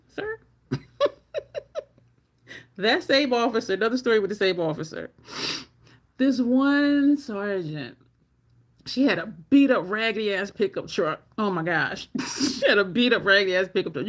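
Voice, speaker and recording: Animated laughing woman telling stories. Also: moderate pace, pauses often. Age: middle-aged. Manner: animated, laughs often, mimics others in a squeaky voice. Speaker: storytelling vlogger. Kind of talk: casual personal storytelling.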